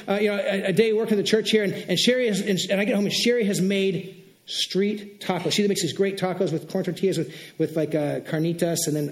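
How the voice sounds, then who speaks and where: A middle-aged male pastor preaching a sermon in an earnest, animated way, acting out sample prayers aloud. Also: sits high.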